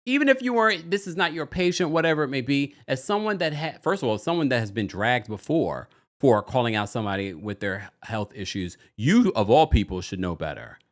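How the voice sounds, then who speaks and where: A man hosting a casual livestream recap, chatty and animated, often breaking into exaggerated quotes of the people he talks about. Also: brisk, hardly any pauses. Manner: animated, chatty, slips into quoting people in exaggerated high voices. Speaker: podcast host recapping a reality show.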